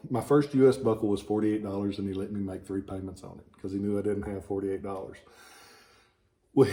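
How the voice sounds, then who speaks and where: A man's voice: fairly low pitch, dark tone. A man with a Southern US accent talking informally about antiques he sells, chatty and prone to digress, with stuffy sinuses, in a small office. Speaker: relic dealer and shop owner. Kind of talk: informal product talk.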